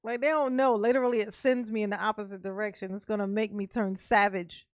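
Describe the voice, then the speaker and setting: A woman's voice: mid-range voice, quick pace, no room sound, studio quality. A woman vlogger ranting in casual commentary, profane and laughing often. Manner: profane, laughing, animated Southern-Black-vernacular delivery.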